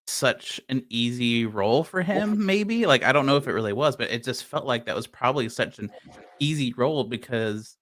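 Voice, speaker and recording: A man with a bright, forceful tone chats about a film in a laid-back way. He hedges and fills his sentences with loose filler words. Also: mid-range voice, expressive, moderate pace. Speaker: podcast co-host. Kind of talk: casual movie-review chat.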